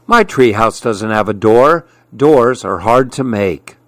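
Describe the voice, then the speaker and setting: Brief: male storyteller for a children's book, unhurried and very lively in pitch, dry close sound. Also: no echo. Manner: slow, expressive read-aloud.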